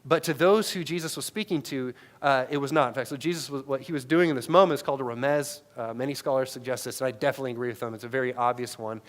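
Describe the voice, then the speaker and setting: A male pastor preaching a sermon in a conversational way, tagging lines with "right?" and swinging from loud emphatic peaks to quiet low asides, on a headset mic. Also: fast talker, hardly any pauses.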